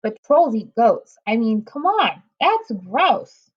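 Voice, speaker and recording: A woman voicing an excitable, easily indignant boy in a storybook reading, on a dull lo-fi recording. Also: on the high side, takes it slowly, exaggerated voice. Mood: disgusted. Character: excitable boy Jack, loud and squeaky.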